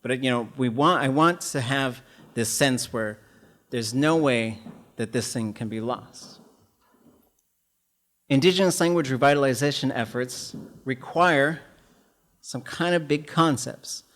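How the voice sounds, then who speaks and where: A man's voice: medium pitch, measured pace, pauses often. Earnest man giving a storytelling lecture. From Alaska. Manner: earnest storytelling, lively with sudden loud bursts. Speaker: language professor giving a lecture. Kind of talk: public lecture with personal stories.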